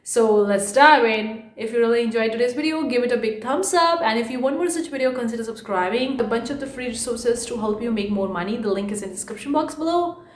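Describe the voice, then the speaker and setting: A young woman vlogging casually to camera about her online art business, chatty and repetitive, a fast talker by habit. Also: on the high side, roomy sound. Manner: chatty, repeats herself, fast-talking by habit. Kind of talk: casual vlog talk to camera.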